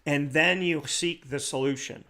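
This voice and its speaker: A man's voice: on the high side, unhurried, sharp tone. An American man hosting a talk show, speaking with earnest passion and repeating his key phrases for emphasis. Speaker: radio show host. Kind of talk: heartfelt talk show monologue.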